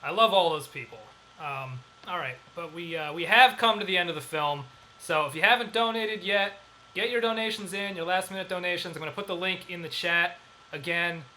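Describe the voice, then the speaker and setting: Man, horror host, wry and joking, high-pitched. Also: fairly quick, sharp tone, poor audio. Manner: wry, joking, loose with fillers. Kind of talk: livestream hosting.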